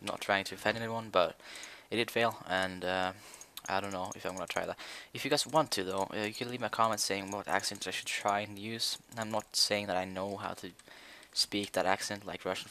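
Speaking a little fast with hardly any pauses, this young man has a lowish, pushed, bright voice and fairly even intonation. He chats casually over a Minecraft building session for his gaming videos, rambling hesitantly with frequent fillers.

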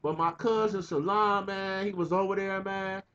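A man's voice: high voice, steady tone, moderate pace, a bit bright, lo-fi sound. A young man telling a rambling, profane, funny story in a casual way, laughing often. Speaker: vlogger.

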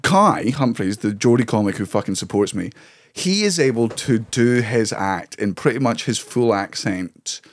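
A man's voice: lowish voice, lively intonation, moderate pace. A Scottish man with a Caithness accent, a comedian guest on a podcast telling stories in casual, swear-filled chat and laughing through them. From Scotland.

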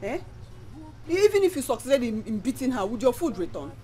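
Sarcastic Nigerian daughter, lively voice, faint music underneath. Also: female voice, a little high, fairly quick. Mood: scolding. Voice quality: scolding, sarcastic. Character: grown daughter scolding her mother. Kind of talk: film drama acting. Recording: film audio with music behind.

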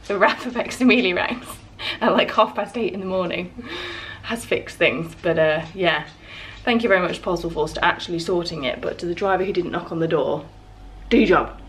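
A young woman talks to camera at home in a chatty, exasperated vlog style. Her voice sits a little high, and she rants freely with sighs and small laughs between her points. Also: a bit bright. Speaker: vlogger. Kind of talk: casual vlog chat to camera. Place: home flat, indoors.

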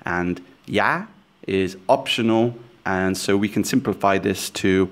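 A man with a somewhat low voice talks through a language lesson in a calm, scripted way. He explains each point slowly and clearly, carefully sounding out the foreign phrases he teaches.

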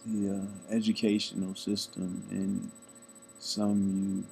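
A man's voice: fairly low pitch, completely flat delivery, takes it slowly, vocal fry, warm tone, slight background noise, rough recording. A man who works as a language arts teacher, joking in a mock-serious way in casual chat.

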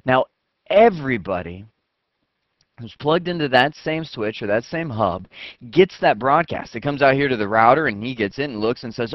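A man teaching computer networking step by step, acting out what each computer says in quick asides, on a close mic. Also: medium pitch, lively intonation, dry recording. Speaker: networking instructor. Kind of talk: screen-recorded technical lesson. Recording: dull, dry lo-fi voice track.

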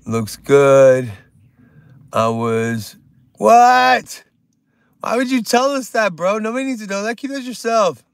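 A man's voice: high voice, expressive, takes it slowly, creaky, pauses often, no echo. A man hosting a casual livestream, joking, rambling and reading chat aloud. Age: older. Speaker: livestream host.

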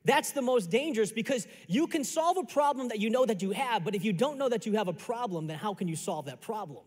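A male pastor preaching a sermon, telling a story in a lively conversational way that builds to a lesson. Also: sits high, a little fast, in a large hall. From Chicago area. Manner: animated, conversational storytelling with repeated phrases. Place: church sanctuary.

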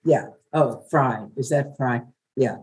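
An older woman from New York, a veteran radio journalist, telling stories in a chatty, lively way as an interview guest. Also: rumbling low, takes it slowly, breathy edge, low-quality recording. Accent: New York, softened. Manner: warm, chatty storyteller with laughs. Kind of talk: webinar interview.

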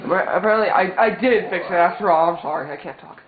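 A man's voice: sits high, fast talker. A man giving casual gameplay commentary, rambling and stumbling over restarts. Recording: tinny, echoey, loud game music.

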